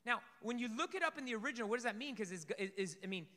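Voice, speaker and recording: A man preaching a sermon to a congregation, lively, swinging between loud emphasis and soft asides. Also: extremely high pitch, very fast. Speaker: pastor. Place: church sanctuary. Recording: reverberant hall.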